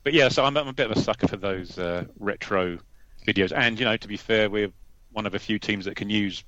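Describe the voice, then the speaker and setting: A man's voice: fairly low pitch, brisk, fairly bright tone. A man chatting on a football podcast, easygoing and rambling with tag questions. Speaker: podcast co-host. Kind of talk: casual football podcast chat. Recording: dull, slightly lo-fi sound.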